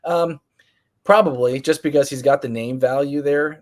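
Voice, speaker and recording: A man's voice: medium pitch, moderate pace, darkish tone. A man co-hosting a live fantasy baseball show, answering viewer questions in casual talk full of ums and restarts. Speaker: fantasy baseball podcast co-host. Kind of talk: casual live-stream chat.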